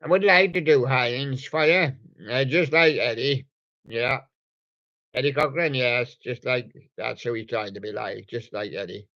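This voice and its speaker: A man's voice: mid-range voice, measured pace, bright, forceful tone. A man hosting a live radio show in a meandering, mumbling way, chatting to toy guests on a dull, lo-fi recording. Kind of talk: rambling live radio chat.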